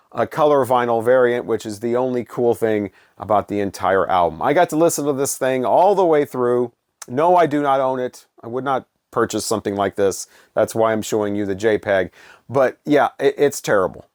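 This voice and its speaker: A man's voice: medium pitch, dry recording, studio quality. A middle-aged man giving a casual, blunt, opinionated music review, with frequent fillers and restarts. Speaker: vinyl collector vlogger.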